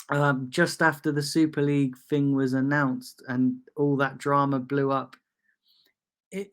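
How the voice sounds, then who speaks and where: A young man rants straight to his viewers, heated and exasperated, hammering the same complaints again and again. His voice sits a little higher than most men's. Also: a bit bright. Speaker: football fan channel host. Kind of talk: ranting monologue.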